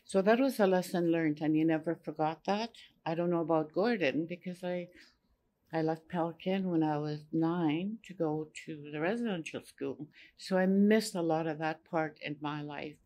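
Gentle older Cree-speaking woman storyteller. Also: low-pitched. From Saskatchewan, Canada. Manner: gentle, unhurried, repeats phrases. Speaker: elder. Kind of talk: personal storytelling at a panel.

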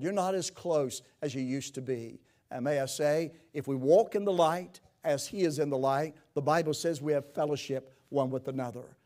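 A man pastor preaching a sermon in a church, rising to loud emphatic peaks and dropping to quiet pleading, with old scripture phrasing. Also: fairly high pitch.

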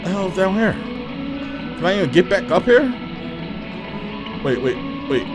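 Excitable young man yelling over gameplay. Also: high-pitched, unhurried. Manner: excitable, swearing, shouting in panic. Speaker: gaming streamer. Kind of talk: let's play commentary. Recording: game music behind. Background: game music.

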